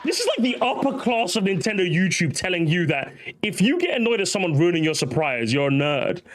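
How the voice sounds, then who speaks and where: A man's voice: sits high, big pitch swings, fairly quick. A young man hosting a reaction commentary, ranting, mocking and swearing as he talks. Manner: ranting, mocking, profane, laughing. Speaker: commentary host.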